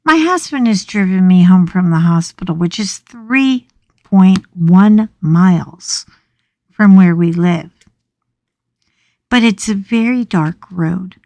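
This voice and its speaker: Middle-aged woman gabbing thru a story, slow and dry sounding, really animated. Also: lowish voice, no room sound. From United States. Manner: chatty, animated storytelling with dramatic retellings. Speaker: craft vlogger. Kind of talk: casual storytelling chat. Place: small home craft room.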